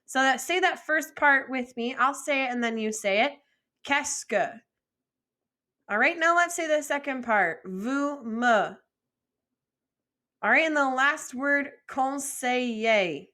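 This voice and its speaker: A young adult woman teaching French vocabulary in a patient, encouraging lesson, modeling pronunciation slowly and asking learners to repeat. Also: high voice, lively intonation, bright, forceful tone. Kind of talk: slow, deliberate vocabulary lesson with repeat-after-me drills.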